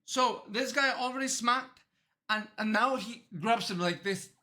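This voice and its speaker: A man streaming a reaction video, riffing in an excitable, rambling, goofy way. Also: extremely high pitch, unhurried.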